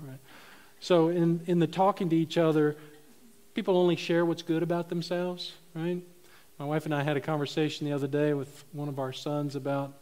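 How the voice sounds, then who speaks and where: A man's voice: a little high, darkish tone. A middle-aged man preaching a sermon, telling funny stories and laughing at his own jokes. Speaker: pastor.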